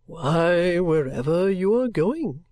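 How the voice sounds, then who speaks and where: A woman doing a gruff, blunt old gentleman. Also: fairly low pitch, big pitch swings, no echo, studio quality. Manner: slow, blunt, grumbling. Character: gruff odd older gentleman in a coach.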